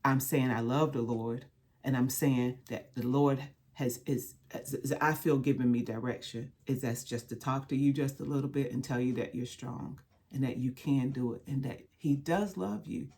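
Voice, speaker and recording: Heartfelt direct-to-camera talk, earnest colloquial speaker, repeats phrases like a preacher, mid-pitched voice. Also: steady tone, moderate pace, darkish tone.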